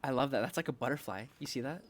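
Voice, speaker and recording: A man's voice: medium pitch, racing, a little hiss or hum. A young man hosting a casual podcast chat, rambling and self-mocking, laughing often and acting out quoted voices. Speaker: podcast host.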